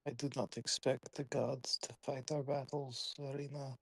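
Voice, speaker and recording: Guy doing a tired guarded warrior, husky gravelly voice, quiet and withdrawn. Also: medium pitch, level tone, moderate pace, dry recording, voice pushed up. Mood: brooding. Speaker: tabletop player. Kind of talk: in-character roleplay.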